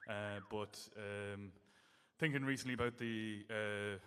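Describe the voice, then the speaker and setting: A low-voiced man speaks in an even, flat tone with a bright, crisp clarity. He introduces his song earnestly, pausing on fillers. The sound carries through a large echoing hall. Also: slight background noise. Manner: earnest, halting, with many fillers. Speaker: singer-songwriter introducing a song. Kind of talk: spoken stage introduction. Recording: echoey hall on a PA.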